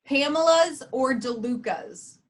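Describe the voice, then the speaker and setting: Woman co-host, high-pitched, brisk quiz-style questions. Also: lively intonation, slight background noise. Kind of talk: casual interview.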